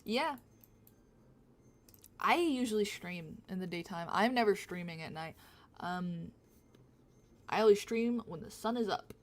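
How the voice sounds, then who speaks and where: A woman's voice: medium pitch, expressive, unhurried, pauses often. A woman livestreamer chatting casually with her viewers in a rambling, self-mocking way. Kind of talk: casual chat with stream viewers.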